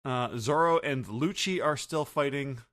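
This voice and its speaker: A man hosting a podcast, recapping an anime episode in a casual, halting way with many fillers. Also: mid-range voice, a bit bright, no room sound, studio quality. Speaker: podcast host.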